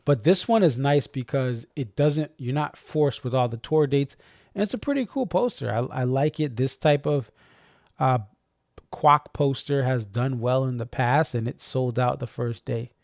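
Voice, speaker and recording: A man's voice: mid-range voice, measured pace, creaky, a little mellow, no echo, studio quality. A man with a faint Boston accent, rambling and correcting himself as he hosts a casual live-stream chat. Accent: slight Boston. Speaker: stream host.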